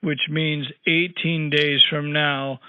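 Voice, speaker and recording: A man's voice: fairly high pitch, level tone, takes it slowly, smooth, no echo. A man doing a cranky rambling old caller on the phone. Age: older. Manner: rambling, crude, grumbling asides. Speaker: prank caller. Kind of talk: prank phone call. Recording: tinny phone line, dry.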